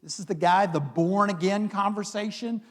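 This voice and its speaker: High-voiced preacher in a reverberant hall. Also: male voice, moderate pace, fairly bright tone. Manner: conversational storytelling, dramatic retelling. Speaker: pastor. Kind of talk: sermon. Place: church sanctuary.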